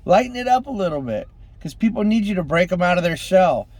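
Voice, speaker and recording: A man giving an impassioned motivational monologue, swinging between loud exhortation and hushed intensity, calling on the listeners as ladies and gentlemen. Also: sits high, very animated, fairly quick, no room sound. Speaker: street preacher-style motivational speaker.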